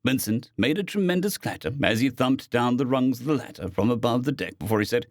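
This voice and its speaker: A man narrating a science fiction story as an audiobook reader, expressive in delivery. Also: medium pitch, a little fast, few pauses, no room sound, clean studio sound. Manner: expressive, with lively intonation.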